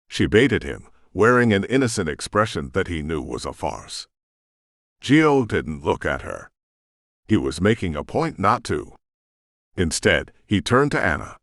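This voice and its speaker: A man narrating a romance audiobook in an expressive, scripted style. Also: low voice, a little slow, no echo, clean studio sound.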